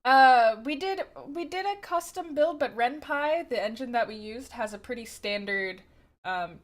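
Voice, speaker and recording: Chatty woman streaming, high voice, laughs a lot while saying hi to chat. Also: expressive, unhurried. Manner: chatty, giggly, greets viewers by name. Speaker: livestreamer. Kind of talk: casual chat greeting viewers.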